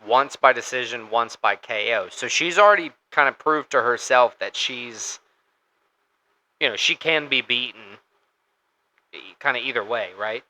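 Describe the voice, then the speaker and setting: A man's voice: mid-range voice, a little slow, pushed and bright, low-quality recording. A man co-hosting a casual sports podcast, talking through fight picks in a loose, conversational way with fillers and restarts. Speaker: podcast co-host.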